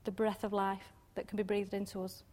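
A woman giving an informal devotional talk on scripture, chatty and quick to laugh, often ending points with little questions. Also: medium pitch, level tone, a little mellow. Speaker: Bible teacher.

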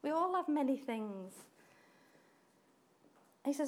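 Preaching at a normal speed in a high-pitched voice, a woman delivers an animated sermon, frequently laughing and performing the voices she quotes.

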